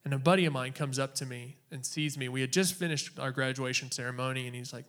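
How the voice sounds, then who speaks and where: A man from Oklahoma giving a personal faith testimony in an earnest, halting way, with long dramatic pauses. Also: mid-range voice, fairly even intonation, a bit bright.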